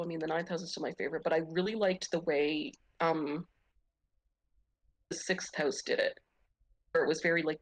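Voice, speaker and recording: A woman's voice: deep voice, no echo. A woman in a book club chatting casually, frank and wry, rambling through her thoughts. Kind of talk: casual chat.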